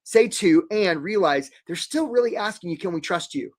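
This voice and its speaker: Animated high-voiced man coaching a webinar. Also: moderate pace. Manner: animated, acts out little quoted voices, jokey. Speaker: career coach hosting a live webinar. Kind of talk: energetic live webinar talk.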